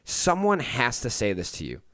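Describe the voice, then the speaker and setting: A man's voice: mid-range voice, wildly swooping pitch, moderate pace, fairly bright tone. A man who is a stand-up comedian, telling crude stories in a casual podcast chat and laughing often.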